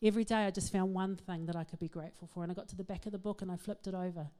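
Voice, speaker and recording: A middle-aged woman, giving a humorous, self-mocking talk to an audience in an animated storytelling manner. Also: lowish voice, racing. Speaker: speaker.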